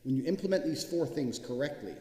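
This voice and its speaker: Speaking a little fast in a high-leaning, mellow, expressive voice, a man delivers a profane, blunt motivational talk. He leans on repetition to drive points home, in an echoey hall with long reverb.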